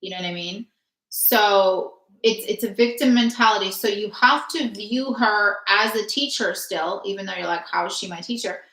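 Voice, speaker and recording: A woman's voice: mid-range voice, normal speed, fairly bright tone. A woman hosting a spiritual healing session, talking earnestly in long runs full of fillers. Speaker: spiritual healer host. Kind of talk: casual spiritual chat. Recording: echoey room.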